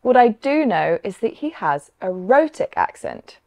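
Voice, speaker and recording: A woman with a Southern English accent, teaching English pronunciation. She explains clearly and encouragingly in a mid-pitched voice. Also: sing-song, unhurried, darkish tone. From south of England. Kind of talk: scripted lesson dialogue.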